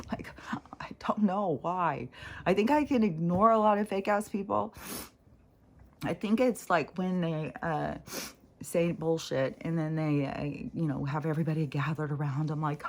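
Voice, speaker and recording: Low-voiced woman rambling in a vlog. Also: vocal fry. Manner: meandering, self-reflective, many fillers. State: runny nose. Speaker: spiritual vlogger. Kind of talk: casual rambling monologue.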